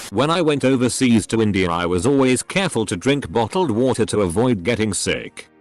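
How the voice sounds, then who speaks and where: Low-voiced man reading stories over music. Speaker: narrator reading forum posts. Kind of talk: scripted narration.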